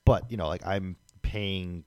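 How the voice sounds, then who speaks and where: A man talks casually in a halting way, leaning on filler words and restarting his sentences. His voice sits fairly low. The recording is dry and close. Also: darkish tone, clear, resonant tone, no room sound. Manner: halting, filler-heavy, lots of "like". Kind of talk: casual chat.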